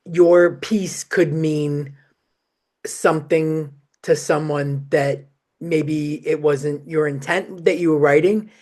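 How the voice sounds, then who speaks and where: A man with a fairly high voice hosts a podcast conversation. He talks chattily, with loose sentences and lots of fillers. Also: steady tone, slow pace, a little mellow. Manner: chatty, full of "you know" fillers. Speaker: podcast host.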